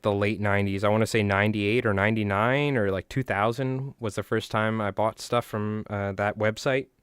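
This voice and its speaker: A man, chatting in a rambling, animated way to his viewers while tying flies on a live stream. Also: fairly low pitch, clear, resonant tone, dry recording, studio quality. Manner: rambling, animated, talks to chat.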